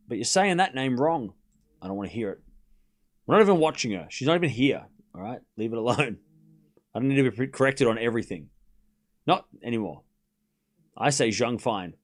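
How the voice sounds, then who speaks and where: A man hosting a live tennis watchalong stream, calling points in quick bursts and chatting with viewers, often stumbling over player names. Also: mid-range voice. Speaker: livestream tennis watchalong host. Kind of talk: live play-by-play commentary mixed with casual chat.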